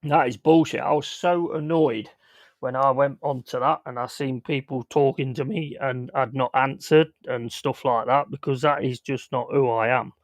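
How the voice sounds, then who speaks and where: A man's voice: mid-range voice, steady tone, moderate pace, dry recording. A man hosting a casual livestream, talking bluntly and with plenty of swearing. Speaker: streamer host. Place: home.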